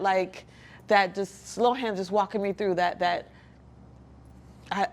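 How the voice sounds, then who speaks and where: A woman talking as an interview guest, earnest and reflective, with pauses and restarts. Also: mid-range voice. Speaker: guest, licensed counselor. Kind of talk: candid personal interview talk.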